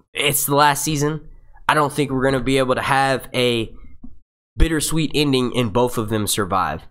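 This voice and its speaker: A man's voice: mid-range voice, fairly bright tone. A man talking into his computer microphone while he hosts a loose live Q&A for his channel. He rambles, trips over his own sentences and swears freely, with plenty of fillers. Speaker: YouTube show host. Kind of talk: casual live Q&A chat. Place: seated at a computer.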